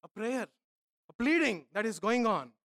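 A man preaching a sermon as pastor, emphatic, repeating phrases and swinging from soft asides to loud pleading. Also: sits high, very animated, moderate pace, no room sound, studio quality.

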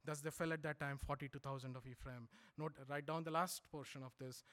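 Man preaching, high voice, loud emphatic lines then low quiet asides. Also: fairly even intonation, fairly quick. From India. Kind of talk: sermon.

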